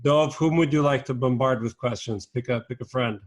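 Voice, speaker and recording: An upbeat, patient teacher running an online class for young children over a video call, firing off quick strings of questions. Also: medium pitch.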